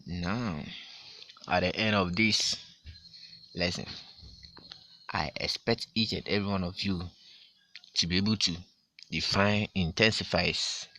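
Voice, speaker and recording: A man teaching a grammar lesson to his class, explaining slowly and repeating his examples with strong stress. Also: low-pitched, pushed and bright. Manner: slow, repetitive explaining with emphatic stress.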